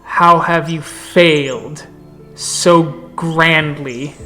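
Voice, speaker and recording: A man voicing a wounded old bear shifter who speaks in slow, broken, solemn phrases. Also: a little high, steady tone, bright, forceful tone, soft background music, heavily acted. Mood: grave. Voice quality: halting broken speech, slow and grave.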